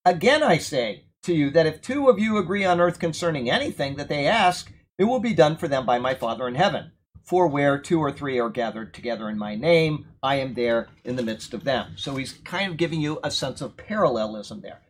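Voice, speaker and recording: A man's voice: on the high side, lively intonation, brisk. A man teaching a verse-by-verse sermon, explaining scripture in a conversational, emphatic way and checking in with his listeners. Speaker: preacher teaching from Bible.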